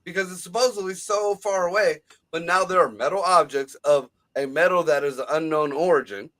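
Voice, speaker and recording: A male co-host in a casual livestream chat, slightly higher-pitched than most men. He swears freely and talks in an excitable, conspiratorial way. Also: a little fast, poor audio. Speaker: podcast co-host.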